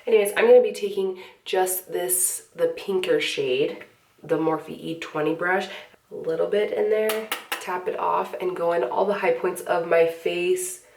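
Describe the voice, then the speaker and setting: Her lowish voice is unhurried and creaky, far from the mic in an echoey room with slight background noise, slightly off-mic. A young beauty vlogger, she chats through a makeup tutorial in a relaxed, filler-heavy way, sniffling from a cold.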